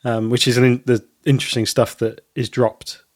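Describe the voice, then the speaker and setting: A man co-hosting a podcast in casual chat, rambling and pausing on many ums. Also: medium pitch, level tone, no echo, clean studio sound. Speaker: podcast co-host.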